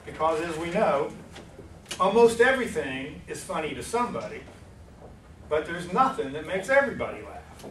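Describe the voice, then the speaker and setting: A man's voice: on the high side, sing-song, normal speed, fairly bright tone. A man from Virginia, moderating a live festival panel with dry, self-deprecating humor. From West Virginia. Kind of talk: live panel introduction with jokes. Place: book festival hall. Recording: roomy hall, distant mic, faint noise.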